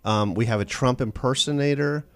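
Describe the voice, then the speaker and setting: Animated male author on a radio interview. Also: mid-range voice. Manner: animated, quick storytelling with restarts. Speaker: author guest.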